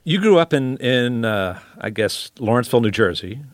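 A man hosting a radio interview show, who introduces segments and asks his guest questions in a measured, conversational way. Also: medium pitch, expressive, dry recording, studio quality. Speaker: radio host.

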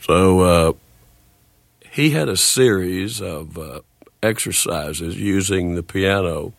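A man in his sixties speaks in a low, gravelly voice, slow and halting, with frequent restarts. His voice is marked by a speech disorder. The studio sound is close and dry. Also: no room sound. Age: 60s. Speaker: guest, country singer. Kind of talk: radio interview.

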